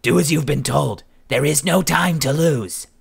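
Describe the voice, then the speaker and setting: A man voicing a stern, commanding ally who speaks sharply and forcefully. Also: fairly high pitch, unhurried, gravelly, husky, pitched above the performer's own voice, exaggerated voice.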